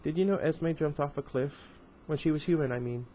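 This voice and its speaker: A man reading the lines of a stubborn young woman, voicing her softly and without much change from his own voice. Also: fairly high pitch, brisk, slight background noise, lightly acted, poor audio. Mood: earnest.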